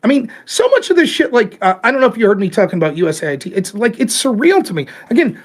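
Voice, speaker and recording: A man in casual podcast chat who argues his politics with heat and plenty of swearing. His pitch swings widely as he makes his points, rising sharply when he pushes back. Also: quick pace. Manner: animated, profane, argumentative. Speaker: podcast host.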